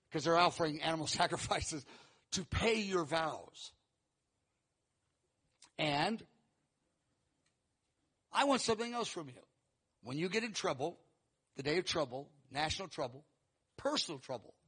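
A man preaching a sermon, teaching verse by verse and acting out quoted lines with animated, rising emphasis. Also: on the high side. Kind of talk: sermon teaching through scripture.

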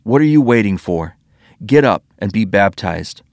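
Ananias, a man reading as a devout gentle elder. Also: lowish voice, animated, moderate pace, dry recording, studio quality. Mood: urging.

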